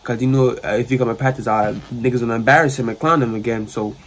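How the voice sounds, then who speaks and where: Fast-talking young New York man. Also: medium pitch. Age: young adult. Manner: rambling, slangy, animated retelling. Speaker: storyteller vlogger. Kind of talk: casual storytime. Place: sister's room.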